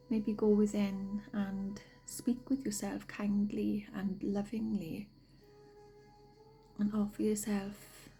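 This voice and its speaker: Woman, half-whispered spiritual guidance, sniffly from a cold, gravelly, flat tone. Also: mid-range voice, rough recording. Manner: slow, gentle, often half-whispered. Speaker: spiritual card reader. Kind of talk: soft-spoken spiritual guidance.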